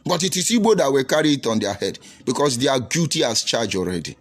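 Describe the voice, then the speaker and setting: A man with a Nigerian English accent hosts a livestream and talks like a pulpit preacher. He reads out viewers' comments and hits back with pointed questions and scolding. His voice sits at an ordinary mid pitch. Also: very animated, quick pace. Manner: combative, preachy, rhetorical questions.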